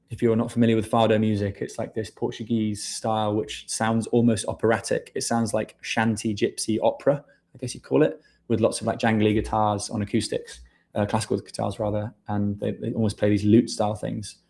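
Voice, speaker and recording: A man's voice: lowish voice, flat delivery, brisk, gravelly, a little mellow. A man hosting a casual livestream, chatting loosely and calling viewers mate. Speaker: livestream host. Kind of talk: casual livestream chat reading viewer questions.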